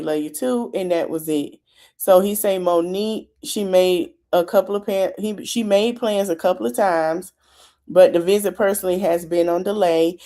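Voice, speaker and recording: A woman's voice: mid-range voice, mellow. A woman hosting a podcast, casually recapping a reality show, retelling what people said and adding her own commentary. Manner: chatty storytelling, retelling dialogue with commentary. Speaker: podcast host.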